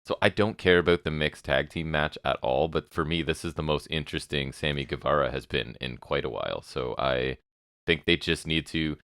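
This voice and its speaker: Super deep voiced guy on a podcast, sarcastic and opinionated, dry close mic. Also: fairly bright tone, no echo. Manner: opinionated, sarcastic, quick asides. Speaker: podcast co-host. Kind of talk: casual wrestling recap chat.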